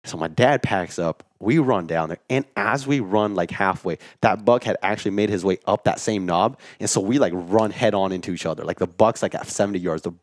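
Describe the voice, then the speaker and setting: Man, podcast co-host, lively storyteller, lower voice, dry studio sound. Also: a little fast, hardly any pauses, no room sound. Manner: animated storyteller, acts out quotes, says "like" a lot. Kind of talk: casual storytelling chat.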